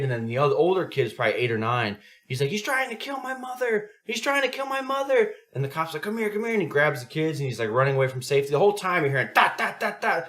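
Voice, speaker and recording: A man with a bright, forceful voice, chatting casually on a podcast. He rambles through profane stories and jumps loudly into the voices of the people he quotes. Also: medium pitch. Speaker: podcast co-host. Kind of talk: casual chat.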